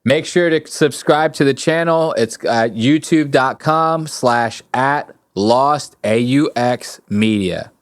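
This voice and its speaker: A young man hosting a casual podcast, talking loosely and swearing freely, often breaking into laughter. His voice sits at an ordinary middle pitch and sounds close and dry, with no room around it. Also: no echo. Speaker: podcast host.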